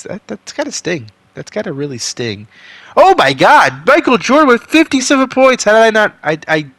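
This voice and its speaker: A man doing play-by-play for a basketball video game simulation, swinging from calm asides to excited outbursts, a bit sick. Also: high-pitched, no room sound. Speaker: video game sim commentator. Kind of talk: play-by-play commentary.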